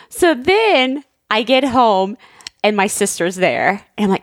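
Animated storytelling woman, lively pitch. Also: a little slow, no echo, studio quality. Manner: animated, acts out quoted voices; frequent "like" fillers. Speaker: storyteller with her husband. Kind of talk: casual chat.

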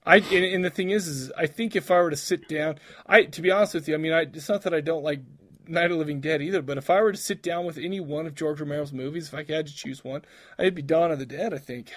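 Chatty, slightly high-voiced man. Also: fast talker, fairly bright tone. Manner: rambling, many restarts and laughs. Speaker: podcast co-host. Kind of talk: casual chat.

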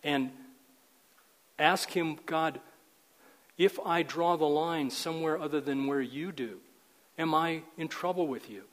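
An older man teaches a men's Bible group in an earnest, emphatic sermon style, sometimes repeating his words. His voice sits a little high for a man. A long reverb trails after each phrase, as in a large hall. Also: a little slow, long pauses, a bit bright.

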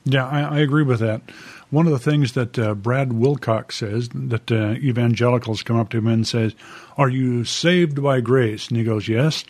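Man interviewing, mid-pitched and steady. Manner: asks questions, reads scripture aloud slowly. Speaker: podcast host. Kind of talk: casual podcast interview.

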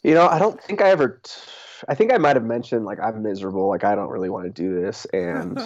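Lower-voiced man, mellow and muffled. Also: fast talker, no room sound. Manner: relaxed, filler-heavy, laughs often. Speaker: interviewed race champion. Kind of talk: casual interview chat.

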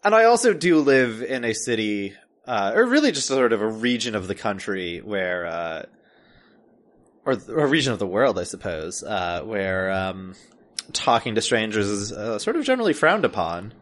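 A man talking casually as a podcast co-host. He hesitates often, restarts his sentences and leans on fillers. His humor is dry and deadpan, and his pitch rises and falls a lot. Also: normal speed. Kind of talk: casual chat.

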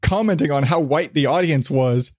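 A man talking casually as a podcast guest, explaining his points at length with relaxed fillers. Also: on the high side, moderate pace, dry recording, studio quality.

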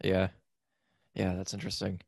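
A man hosting a podcast, giving brief reactions and asking interview questions in a relaxed way. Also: deep voice, moderate pace, vocal fry, dry recording, studio quality. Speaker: podcast host.

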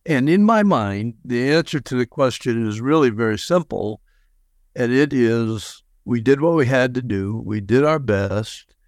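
Older male guest, lively wry storyteller, very dry close sound. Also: medium pitch, measured pace, dry recording. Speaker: guest, former prisoner of war and motivational speaker. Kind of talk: storytelling interview answers.

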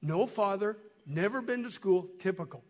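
A man who works as a missionary, telling stories to a congregation in a folksy way while showing photos, hoarse and coughing from a cold. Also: high-pitched, animated, normal speed, in a large hall. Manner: folksy, repeats and restarts words, speaks directly to the congregation. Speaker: missionary guest speaker. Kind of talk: storytelling talk to a church while showing photos. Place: church hall.

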